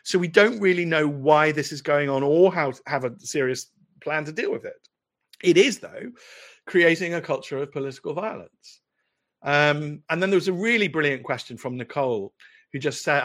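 A man's voice: mid-range voice, normal speed, fairly bright tone. A man in his forties with a posh English accent, a lawyer answering viewer questions in casual, rambling livestream commentary full of restarts and asides. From United Kingdom.

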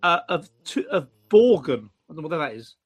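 A man co-hosting a casual chat, animated and mocking, with frequent stammering restarts. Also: fairly high pitch, normal speed, husky, dull audio. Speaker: podcast co-host.

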